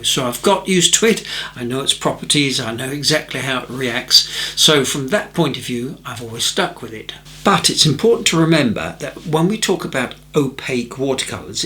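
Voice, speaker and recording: A middle-aged man answering viewer questions in a relaxed watercolour tutorial, chatty and self-deprecating with gentle jokes. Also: mid-range voice.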